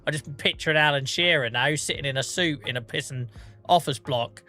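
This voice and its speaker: A man's voice: fairly high pitch, a little fast, pushed and bright, faint music behind. A man with a Norfolk accent, chatting casually to his live-stream viewers while gaming, self-mocking and laughing often.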